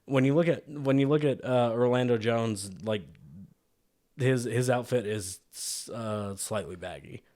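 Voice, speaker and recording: A man talks through a film with a friend in loose, casual podcast chat. He is relaxed and swears freely, and his voice sits at an ordinary middle pitch. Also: a little slow. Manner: laid-back, swears often, mimics movie lines. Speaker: podcast co-host.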